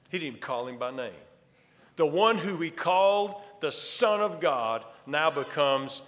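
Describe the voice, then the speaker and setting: A pastor delivers a sermon in a forceful, bright voice that sits somewhat high for a man. He preaches emphatically, rising to loud declarations and dropping to near-hushed lines. The sound rings with long reverb, as if he stands in a large church sanctuary. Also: sing-song, moderate pace.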